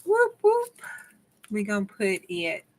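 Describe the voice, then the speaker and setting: A woman's voice: medium pitch, huge pitch swings, slow pace, noisy background. A woman with a Southern US country accent, chatting to her viewers while she works on a craft project, chopping off her words as she gets going. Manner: chatty, talks to viewers while working, drawls and chops words. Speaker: crafting channel host. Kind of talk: casual crafting vlog chat.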